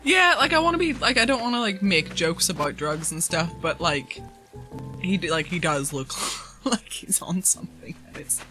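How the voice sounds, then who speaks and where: Bright, chatty woman streamer. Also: fairly low pitch, lively intonation, moderate pace, soft background music. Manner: chatty, giggly, talks to pets and chat. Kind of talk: casual live-stream chatter while playing. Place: home.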